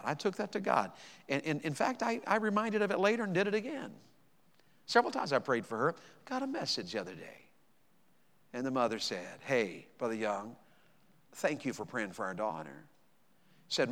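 Preacher in a reverberant hall. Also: male voice, mid-range voice. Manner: swings from hushed storytelling to loud, emphatic preaching. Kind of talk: sermon. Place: large church hall. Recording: long reverb of a large hall.

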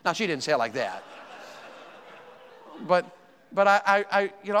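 A man's voice: high-pitched, lively intonation, brisk, pauses often, a bit bright. A man, a pastor preaching a sermon with emphatic calls to the congregation and stammered repeats. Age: 50s. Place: church sanctuary. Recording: echoey church hall.

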